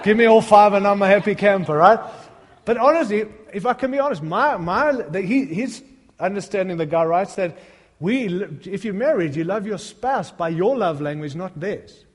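A man's voice: high voice, lively intonation, normal speed, in a large hall. A middle-aged male pastor preaching a sermon, mixing humorous, self-deprecating stories with fervent appeals to the congregation.

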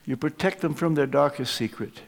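A man preaching a sermon at a live church service, emphatic, swinging from loud stresses to hushed asides. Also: fairly high pitch, moderate pace, vocal fry. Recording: long reverb of a large church.

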